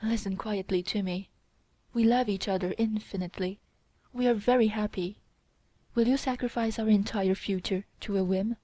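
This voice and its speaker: A woman's voice: mid-range voice, fairly even intonation, measured pace, a little mellow, no echo, lightly acted. Woman reading a begging lovesick young guy, emotional and pleading, dry close audio.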